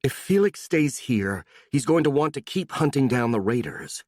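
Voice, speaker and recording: Brief: storybook young woman, matter-of-fact and sarcastic, voiced by a male narrator, raised pitch. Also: normal speed, no echo. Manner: calm, dry, a bit sarcastic.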